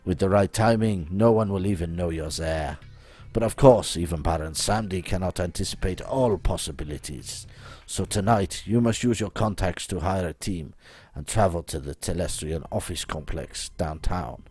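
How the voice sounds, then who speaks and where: A man's voice: low-pitched, moderate pace, a little mellow, husky, pitched below the performer's own voice. A man voicing a grand, scheming male hacker with a put-on French accent, who talks about himself in the third person.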